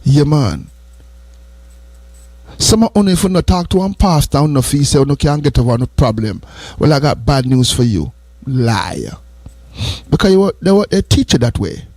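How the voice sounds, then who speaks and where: A man's voice: fairly high pitch, lively intonation, normal speed, darkish tone, no room sound. Earnest Jamaican man giving morning advice. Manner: earnest and repetitive, drifting between patois and English. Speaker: radio host. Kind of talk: morning radio talk, preachy advice.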